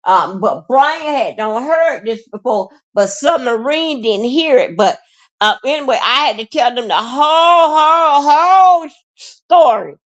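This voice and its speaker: A woman hosting a livestream, rambling in a halting, repetitive way with many fillers and plenty of emotion. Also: on the high side, animated. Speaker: livestream host. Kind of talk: rambling live-stream monologue.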